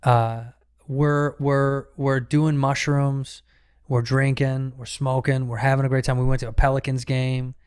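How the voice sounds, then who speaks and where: A man's voice: medium pitch, a little slow, clear, resonant tone. Swearing man spinning a story. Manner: profane, animated anecdote telling with lots of restarts. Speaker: podcast guest, comedian. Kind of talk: casual storytelling chat.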